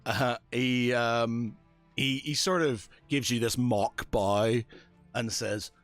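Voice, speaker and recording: A man's voice: medium pitch, steady tone, takes it slowly, dry recording, faint music behind. A man narrating as dungeon master in a tabletop game, hesitant and full of fillers.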